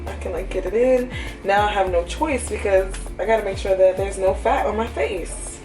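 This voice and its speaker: Recorded from a distance in a room with echo and faint music, a young hairstylist and vlogger talks candidly to the camera. Her mid-range, darkish voice moves at normal speed, chatty and full of "like".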